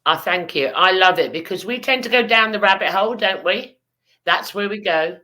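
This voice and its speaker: A woman's voice: mid-range voice, normal speed, bright, forceful tone. A woman hosting a chat show in a casual, chatty way, her throat sore from hay fever.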